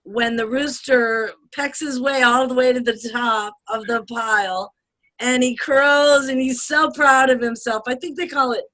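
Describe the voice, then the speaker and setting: A bright, clear-voiced woman from the United States talks in casual chat. She rambles with restarts, gets animated, laughs often and swears freely. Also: high-pitched, a little slow.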